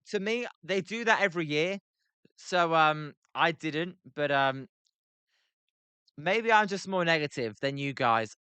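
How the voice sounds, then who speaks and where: A British man with a bright, sharp voice that sits a touch high for a man, chatting casually on a live stream. He reads chat messages aloud and fills gaps with ums, and his tone stays clean and crisp. The sound is close and dry, with no room around it. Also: no echo. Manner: filler-heavy, reads chat messages aloud between play calls. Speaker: livestream host.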